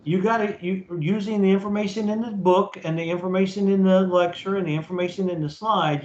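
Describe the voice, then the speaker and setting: A man's voice: sits high, fairly even intonation, fairly quick, few pauses, darkish tone, slight background noise. A man lecturing as a professor in a recorded online class, talking casually and checking in with "okay?" after nearly every point. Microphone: computer mic in a video meeting. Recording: roomy, dull lo-fi meeting recording.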